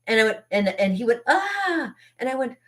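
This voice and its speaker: A woman, a party artist, chatting casually on a live stream from her studio, rambling and laughing between phrases, with sudden jumps up in pitch when she gets excited. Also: fast.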